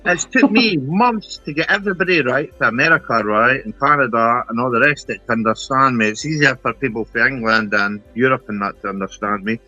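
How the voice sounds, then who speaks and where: A man's voice: mid-range voice, fairly quick, hardly any pauses, pushed and bright, muffled recording, faint music behind. A Scottish man in casual chat who talks bluntly, swears freely and ends his lines with "right?". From Scotland. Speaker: chat participant.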